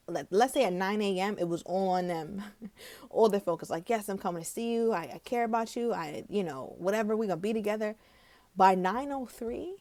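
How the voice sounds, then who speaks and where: A woman reads tarot cards in a loose, chatty monologue. She stresses words dramatically and laughs often. Her pitch sits at a middling level, and the sound is dry and close. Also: darkish tone, dry recording. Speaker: tarot reader. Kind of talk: casual tarot reading monologue.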